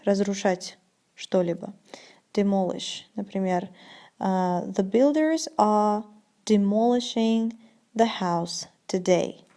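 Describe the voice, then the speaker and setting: A woman teaching an English vocabulary lesson, saying each word slowly and clearly, then translating it. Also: medium pitch, warm tone. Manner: slow, deliberate pronunciation drills.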